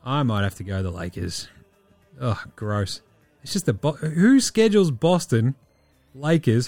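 Aussie bloke doing quick sports picks, breezy and sweary, dead dry sound. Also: male voice, medium pitch, lively intonation, darkish tone, no echo, faint music behind. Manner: breezy, profane, rattling off quick-fire picks. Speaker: podcast host. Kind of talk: casual sports chat.

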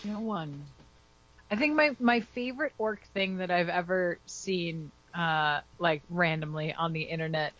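A speaker in casual hobby chat who is quick to agree and often laughs along. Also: medium pitch, fairly bright tone. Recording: dull lo-fi recording.

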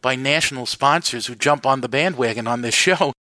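A middle-aged man with a New York accent, a priest telling lively stories in a casual interview, quick to joke about himself. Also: medium pitch, no room sound. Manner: animated storyteller with self-deprecating humor. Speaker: priest running a Catholic media network.

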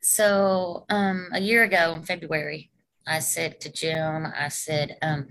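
A woman's voice: low voice, little pitch movement, takes it slowly, fairly bright tone, poor audio. A woman, a restaurant owner telling her story as an interview guest. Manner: chatty, laughing storyteller.

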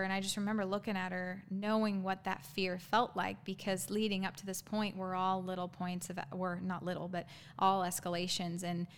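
A woman guest in an interview telling her own story candidly, halting, with frequent ums and restarts. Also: mid-range voice.

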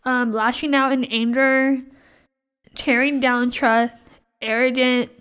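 A woman's voice: sits high, little pitch movement, slow, a bit bright, smooth. A young woman co-hosting a casual Bible study chat, talking in a loose way with fillers and easy laughs. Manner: chatty, many fillers, laughs easily. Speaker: podcast co-host.

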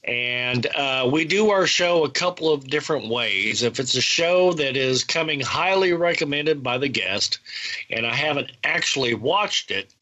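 A man's voice: mid-range voice, animated, a little slow, pushed and bright, highs cut off. A man who hosts a TV review show, chatting casually and giving long explanatory answers. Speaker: podcast host reviewing TV shows. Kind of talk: casual chat.

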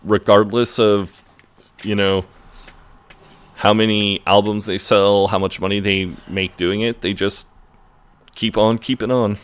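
A man's voice: on the low side, little pitch movement, measured pace, pauses often, clear, resonant tone. A man co-hosting a podcast, casually retelling a TV episode in a rambling way, full of "like" and "uh". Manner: rambling, filler-heavy retelling with "like". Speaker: podcast co-host. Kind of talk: casual chat recapping a TV episode.

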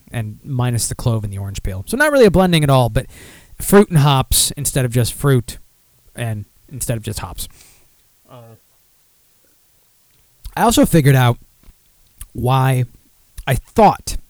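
A man's voice: medium pitch, darkish tone, no room sound. A man hosting a casual beer podcast, rambling and self-deprecating, with lots of fillers and restarts. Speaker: podcast host.

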